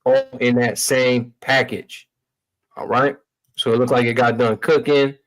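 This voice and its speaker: A male livestream host walks through tech demos in a loose, slangy, casual way, calling his viewers y'all. His medium-pitched voice is flat and measured, and the recording is rough.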